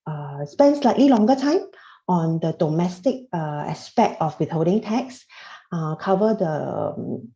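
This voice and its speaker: A woman lecturing on tax to a class over a video call, her voice low-set and mellow. She stumbles often, filling gaps with "uh" and "um" and restarting phrases. The audio is roomy and dull, like a laptop mic in an echoey room. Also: sing-song, measured pace, creaky. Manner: hesitant, many fillers and restarts. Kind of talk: online lecture. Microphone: computer mic on a video call.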